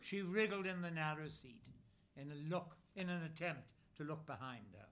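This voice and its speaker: A man reading a literary novel aloud as narrator, in measured phrases with frequent pauses. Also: medium pitch, fairly bright tone. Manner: measured, pausing often between phrases. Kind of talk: scripted narration.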